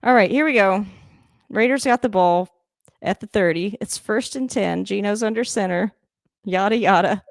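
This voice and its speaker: A woman talking through a football game live from her home, rambling and chatty in a middle-pitched voice. She laughs often and jumps into sudden excited outbursts at the plays. The sound is dry and close. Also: normal speed, vocal fry, dry recording. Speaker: livestream host reacting to a football game. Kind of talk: casual live game reaction. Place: home room, moving around the camera.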